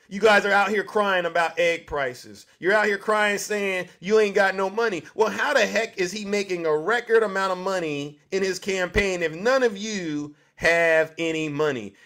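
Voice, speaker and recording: A man's voice: high voice, a bit bright. A male show host delivering a mocking monologue, firing rhetorical questions at his audience.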